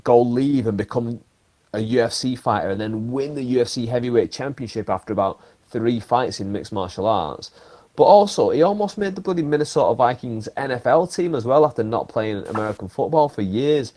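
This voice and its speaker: A man hosting a podcast, telling stories in an animated, emphatic way and throwing in the odd swear word. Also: medium pitch, a little fast. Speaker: podcast host. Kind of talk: casual chat.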